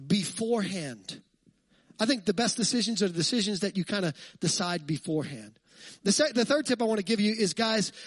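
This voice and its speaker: A man pastor preaching a lively, conversational sermon, full of jokes and asides to the congregation. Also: very high-pitched, no room sound.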